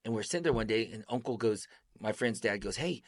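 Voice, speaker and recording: A man as an interview guest, telling stories in an animated way and acting out the voices of the people he quotes. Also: lowish voice, fairly quick, no echo, studio quality. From United States. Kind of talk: storytelling interview.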